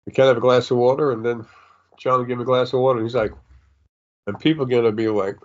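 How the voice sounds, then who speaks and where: A man's voice: medium pitch, level tone, fast talker, a little mellow, muffled recording. An older man who sniffles, talking through a rambling spiritual monologue as a psychic medium, full of fillers and restarts. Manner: meandering, many fillers and restarts.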